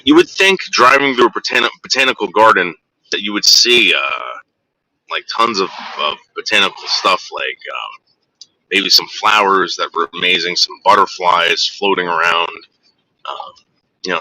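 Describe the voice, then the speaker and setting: Low-ish bright-sounding guy vlogging from the car, chill and chatty. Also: animated, normal speed, dry recording, low-quality recording. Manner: soothing his dogs in a higher coaxing voice. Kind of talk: casual vlog commentary while driving.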